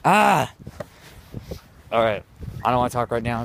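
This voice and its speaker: A man's voice: mid-range voice, sing-song, measured pace, creaky. A man vlogging outdoors into a handheld phone, telling a rambling story and repeating "of course" constantly. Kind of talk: casual rambling story vlog. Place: outdoors in the cold, walking. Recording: loud wind noise on phone mic.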